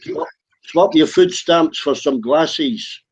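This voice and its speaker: A man's voice: fairly high pitch, lively intonation, slow pace, breathy edge. A man in a casual online voice chat, teasing and insulting the others and often repeating himself. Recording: muffled lo-fi line.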